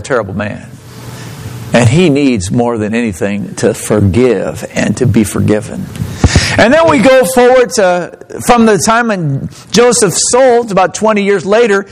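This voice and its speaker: A man preaching a sermon, reading scripture aloud and telling a story, with strong emphatic rises and low drops. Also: rough recording. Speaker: pastor.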